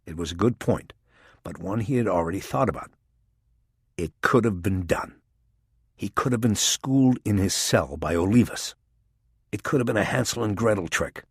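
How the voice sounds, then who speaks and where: A man giving a steady, even scripted narration of a crime audiobook. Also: on the low side, moderate pace, slightly rough, dry recording, clean studio sound.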